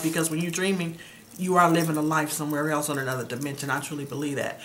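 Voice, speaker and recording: A middle-aged woman hosting a casual chat, calmly explaining what dreams mean. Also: fairly low pitch, a little hiss or hum. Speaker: host.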